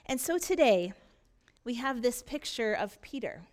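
A woman's voice: on the high side, very animated, a little slow. A woman pastor preaching a sermon in a church, retelling a story earnestly with frequent restarts.

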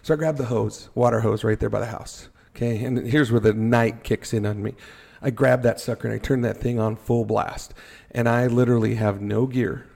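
A middle-aged man with a gravelly, somewhat husky voice, telling a story in an easy, casual way. He sounds animated and drops playful asides. His pitch sits in an ordinary middle range. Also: normal speed, few pauses. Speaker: podcast guest.

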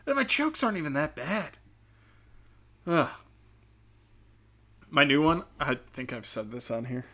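A man's voice: a little high, big pitch swings, measured pace, pushed and bright. A man, a stand-up comedian with a speech impediment, riffing in a rambling, profane podcast monologue. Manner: rambling, profane, many fillers.

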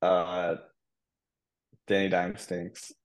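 A man's voice: deep voice, little pitch movement, extremely slow. A man on a casual sports betting podcast, blunt and crude, joking his way through his picks. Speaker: podcast panelist.

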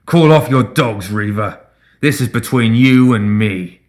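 A man voicing a furious male fire mage who bellows slow, raised accusations. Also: on the low side, lightly acted. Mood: commanding. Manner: bellowing, drawn out.

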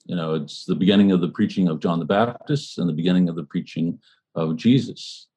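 A man leading a book study group, talking things over in a thoughtful, halting way and reading passages aloud. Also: deep voice, dark tone, husky. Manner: thoughtful, halting, frequent fillers and restarts.

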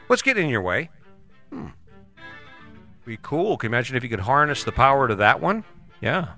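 A man's voice: medium pitch, very animated, a little fast, pauses often, bright, forceful tone, faint music behind. A man in his sixties hosting a podcast, giving a blunt, folksy motivational monologue with casual swearing. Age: 60s. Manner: blunt, folksy, swears casually, jumps between voices for imagined people. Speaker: podcast host.

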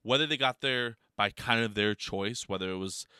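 A man's voice: fairly low pitch, normal speed, clean tone, dry recording, clean studio sound. A man telling a story in a casual, rambling monologue, swearing a lot and filling his talk with "like" and "you know.". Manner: profane, heavy filler words, rambling; animated storytelling with laughs.

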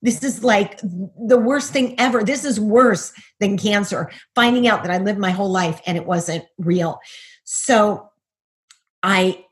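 A woman's voice: mid-range voice, measured pace. A middle-aged woman, a guest, giving a personal testimony over a video call, earnest and full of rhetorical questions.

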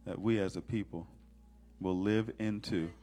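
Slow, fervent male preacher. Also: on the low side, steady tone, mellow, soft background music. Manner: rhythmic, fervent litany with call-and-response. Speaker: pastor. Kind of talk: sermon.

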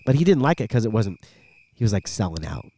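Lively middle-aged man telling stories on a podcast. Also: fairly low pitch, fast talker. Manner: animated storyteller, former radio voice guy. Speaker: podcast co-host. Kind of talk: casual podcast chat.

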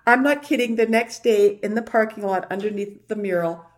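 A woman's voice: mid-range voice, normal speed. A woman muralist in casual conversation, laughing often as she tells stories about painting walls with young people. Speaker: fellow muralist.

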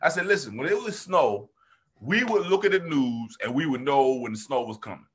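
A man telling childhood stories in a casual chat, slangy and animated, acting out what people said. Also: medium pitch, a little fast. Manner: animated, slangy, acts out quotes.

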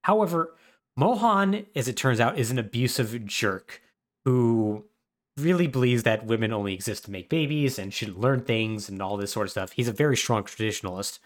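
A male podcast co-host with a mid-range voice talks at normal speed with lively intonation. In casual chat he recaps a video game plot, wryly funny and heavy on fillers.

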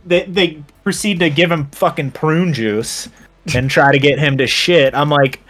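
A man's voice: a little high, fairly even intonation, measured pace, a bit bright. A man co-hosting a podcast in casual chat, rambling with many fillers. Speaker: podcast co-host.

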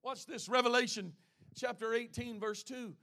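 A man with a high-pitched voice preaches a sermon. He swings from ringing exclamations down to hushed, intimate asides, and he reads scripture aloud between his points. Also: steady tone, normal speed. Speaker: pastor.

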